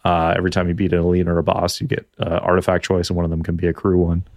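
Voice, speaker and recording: Deep-voiced Canadian man, rambling. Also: completely flat delivery, racing, darkish tone, dry recording, clean studio sound. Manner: rambling, restarts a lot. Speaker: podcast co-host. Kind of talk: casual gaming chat.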